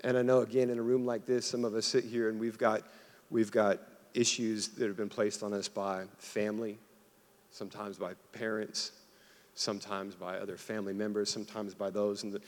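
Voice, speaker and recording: A man's voice: fairly low pitch, flat delivery, normal speed. A young man preaching a sermon, casual and conversational, calling on the congregation to answer back. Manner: casual, conversational preaching with audience call-and-response. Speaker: pastor. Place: church auditorium. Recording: long hall reverb.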